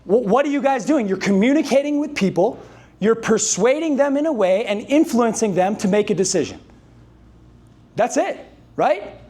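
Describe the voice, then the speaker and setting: Sales trainer, male, very high pitch, loud hype delivery, keeps pulling the room into call-and-response. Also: normal speed. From Canada. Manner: energetic, hype-driven, calls on the audience to answer and repeat. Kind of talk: motivational speech to a live sales team. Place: dealership meeting room with a live audience.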